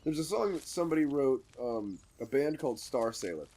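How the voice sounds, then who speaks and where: A man's voice: mid-range voice, expressive, a little fast, warm tone. A man co-hosting a let's play in casual chat, rambling and sarcastic.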